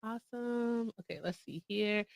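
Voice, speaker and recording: A woman's voice: on the high side, moderate pace, vocal fry, no room sound. Woman, livestream co-host, chatty, upbeat, dry close sound. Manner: chatty, upbeat, laughs often. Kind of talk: casual livestream chat.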